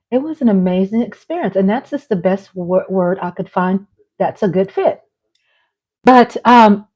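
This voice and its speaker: A woman's voice: mid-range voice, a little mellow. A woman with a Southern US accent hosting a casual livestream vlog, chatty and playful, laughing often. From Texas. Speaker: vlog host.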